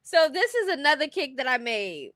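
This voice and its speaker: A woman's voice: sits high, very animated, normal speed, fairly bright tone, no room sound, studio quality. A woman streaming casual commentary, blunt and opinionated, often laughing as she talks.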